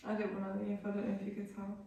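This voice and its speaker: Mellow woman, far off in an echoey room. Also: mid-range voice, monotone, racing, lo-fi sound. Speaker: paranormal investigator. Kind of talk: casual chat. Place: old school building at night, indoors. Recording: very echoey, distant mic, faint noise.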